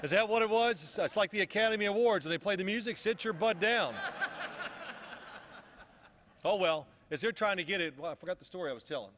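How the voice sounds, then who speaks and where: A man's voice: high-pitched, very fast, fairly bright tone, long reverb tail, a little hiss or hum. A man giving a casual motivational speech at a luncheon, telling a story in a rambling way with frequent restarts. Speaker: luncheon speaker. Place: luncheon event hall.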